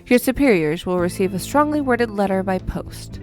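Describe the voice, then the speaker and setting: A woman playing a pompous, haughty gentleman. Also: mid-range voice, expressive, soft background music, close to an everyday voice. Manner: haughty, slow and overly formal. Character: pompous theatrical man in Victorian coat.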